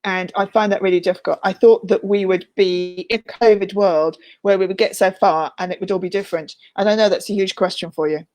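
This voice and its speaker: A woman's voice: mid-range voice, steady tone, brisk, few pauses, a little mellow. A woman co-hosting a casual video podcast from a room in a mountain house, playful and teasing. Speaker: podcast co-host.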